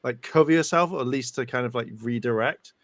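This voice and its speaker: A playful man on a casual live chat, his medium-pitched voice recorded dry and close with no room sound. He spins silly scenarios and keeps laughing. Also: a little fast, no room sound. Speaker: podcast co-host.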